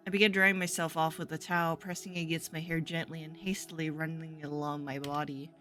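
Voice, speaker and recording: A woman's voice: low voice, little pitch movement, a little fast, hardly any pauses, bright, forceful tone, faint music behind. A very tired woman streaming a game, reading its story aloud in a sleepy, rambling way. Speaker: gameplay streamer. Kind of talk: reading a visual novel aloud while playing.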